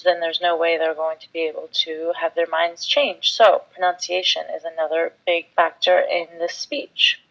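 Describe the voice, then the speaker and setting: Woman giving a measured speaking lesson. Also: on the low side, fairly bright tone, lo-fi sound. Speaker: instructor. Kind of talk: scripted instructional talk.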